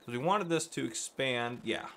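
A man's voice: mid-range voice, animated, moderate pace, a bit bright, a little hiss or hum. A man hosting a live farming-game stream, chatting with viewers by name and breaking into helpless laughter. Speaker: livestream gameplay host.

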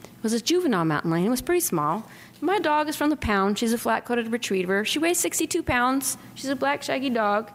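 A woman's voice: a little high, brisk. Middle-aged woman telling stories in a hall. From Southern California. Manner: lively, acts out quotes with whispers. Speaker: author giving a talk. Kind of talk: anecdotal storytelling to an audience. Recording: lecture hall with long reverb, faint noise.

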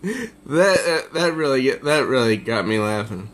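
A man's voice: mid-range voice, sing-song, unhurried, fairly bright tone. A man casually reviewing a comic book, summarizing the pages with evident amusement. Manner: amused, easily tickled by the jokes.

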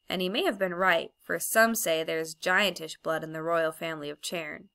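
A woman reading a children's fantasy novel aloud as an audiobook narrator, measured and expressive. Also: lowish voice. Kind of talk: storybook narration.

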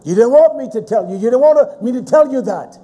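A man preaching a sermon, shouting in a sing-song cadence with frequent "uh" fillers. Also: extremely high pitch, animated, brisk.

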